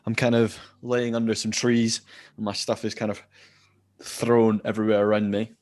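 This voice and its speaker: A man's voice: fairly low pitch, little pitch movement, normal speed, a little mellow, no room sound, clean studio sound. A man playing a tabletop game, describing his actions in a casual, hesitant way. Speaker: player.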